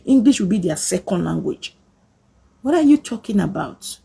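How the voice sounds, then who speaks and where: A woman's voice: mid-range voice, sing-song, normal speed, creaky, mellow, breathy edge. A woman with a Nigerian accent scolding her viewers in an emphatic vlog rant, slipping into pidgin. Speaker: vlogger. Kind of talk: opinionated rant to camera.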